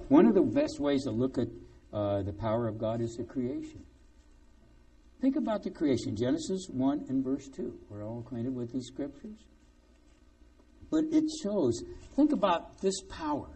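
A man preaching a sermon in a lively, conversational way, with joking, sarcastic asides. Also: mid-range voice, recorded from a distance.

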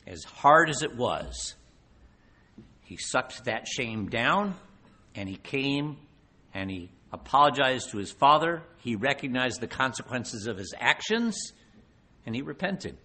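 Husky, animated man preaching. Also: mid-range voice. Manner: rhetorical questions, slows down for emphasis. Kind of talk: sermon.

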